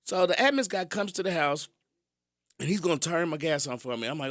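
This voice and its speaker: A man hosting a radio show, telling stories in an animated way and chuckling as he talks. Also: on the high side, a little fast, no echo, studio quality. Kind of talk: casual radio storytelling.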